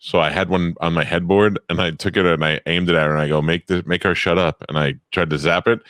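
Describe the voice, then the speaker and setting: A middle-aged man with a very low voice rattles through crude stories at speed. He co-hosts a casual chat. The recording is dry and close. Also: fairly even intonation, a bit bright, no room sound. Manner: fast, crude storytelling. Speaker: co-host.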